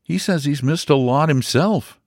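A man's voice: fairly high pitch, unhurried, dry recording, clean studio sound, voice pushed up. A man voicing an earnest, agreeable young man who is a little drunk by the fire.

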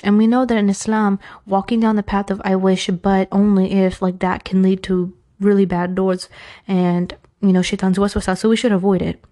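New York-accented woman, frank chatty advice talker with self-aware humor, mellow tone, medium pitch. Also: little pitch movement, moderate pace. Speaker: advice speaker. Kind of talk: casual Islamic advice talk.

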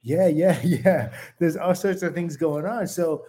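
A man's voice: a little high, a little slow, mellow. A man, a former fighter co-hosting a boxing podcast, explaining things at length in loose, restarting sentences. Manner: rambling explanations with many fillers and restarts. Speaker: podcast co-host, former boxer. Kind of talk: casual boxing chat.

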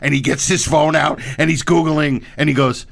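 A man's voice: on the high side, moderate pace, creaky, crowd noise. A man in his fifties chatting casually, telling rambling stories with lots of restarts. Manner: rambling, animated storyteller with frequent restarts. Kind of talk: casual chat.

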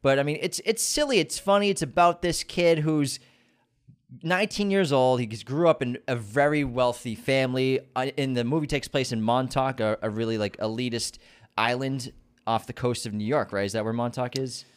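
A man's voice: mid-range voice, clear, resonant tone. Upbeat man reviewing films. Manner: upbeat, jokey, quick asides. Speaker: podcast co-host. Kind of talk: casual movie chat.

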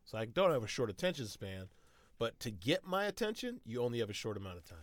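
A man's voice: medium pitch, sing-song, quick pace, no room sound. A man hosting a podcast and musing loosely in casual chat. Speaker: podcast host.

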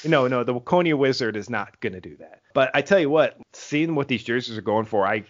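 A man hosting a podcast in casual chat, rambling quickly and laughing often. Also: mid-range voice, lively intonation. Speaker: podcast host. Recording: dull lo-fi audio.

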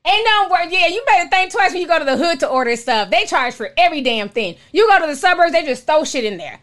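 A woman from Minnesota hosting a live stream, telling stories in casual chat and reading viewer messages, animated and exclaiming, calling listeners honey. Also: extremely high pitch, fast talker.

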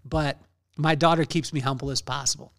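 A man hosting his podcast, his voice sitting a bit high for a man. He talks with lively energy and rambles casually, leaning on fillers and restarting his sentences. He sounds like a man in his forties. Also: fairly quick, gravelly. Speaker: podcast host. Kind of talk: casual conversational interview.

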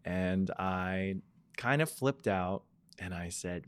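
A man in his thirties talks candidly on a podcast about his past. He is reflective, often pausing on ums, and his voice sits low. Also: fairly even intonation, clear, resonant tone. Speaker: podcast co-host. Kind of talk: casual personal storytelling.

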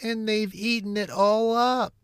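A man voicing a tiny baby bear cub in a bedtime storybook, with a high, crying squeak. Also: fairly even intonation, unhurried, fairly bright tone, clean tone, no echo, clean studio sound. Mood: upset.

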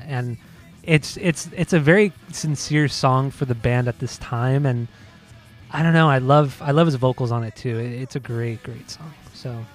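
A man co-hosting a podcast, chatting casually about albums, laughing easily and swearing now and then. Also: mid-range voice. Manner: laid-back, laughs often, swears casually. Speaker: podcast co-host. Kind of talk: casual chat.

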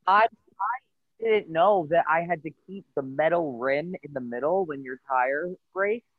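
A man telling a story in casual chat, halting and repeating words. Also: fairly high pitch, no room sound. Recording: tinny phone-like line.

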